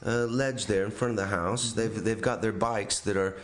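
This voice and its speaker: A man telling a funny personal anecdote in a casual podcast chat, acting out the voices of the people in it. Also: normal speed. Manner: animated storytelling, acts out quotes with pitch jumps. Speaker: storyteller on a podcast.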